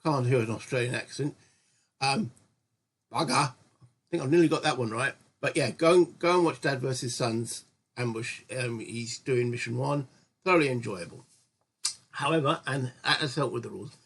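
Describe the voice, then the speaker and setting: Husky man chatting over a board game. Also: mid-range voice, moderate pace, a bit bright. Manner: chatty and rambling, often correcting himself. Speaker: host of a gaming channel. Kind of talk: casual solo board game let's-play commentary.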